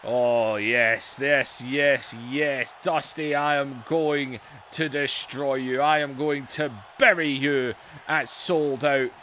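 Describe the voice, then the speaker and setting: A man's voice: mid-range voice, fairly even intonation, takes it slowly, bright, forceful tone, slight background noise. A man voicing a blustering veteran male wrestler cutting a bossy, insulting promo over a video game. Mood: gloating. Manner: bossy, insulting trash talk.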